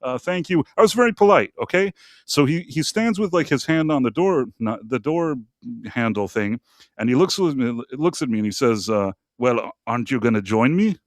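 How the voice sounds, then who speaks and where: A man's voice: medium pitch, lively intonation, normal speed, no room sound. Rambling male podcast host, dry sound. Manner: rambling, many fillers and asides. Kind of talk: casual storytelling on a live show.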